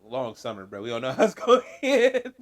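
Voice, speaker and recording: A man co-hosting a podcast, chatting about sports in an animated way, laughing and acting out quoted exchanges. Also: mid-range voice, a little fast. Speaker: podcast co-host. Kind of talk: casual sports banter.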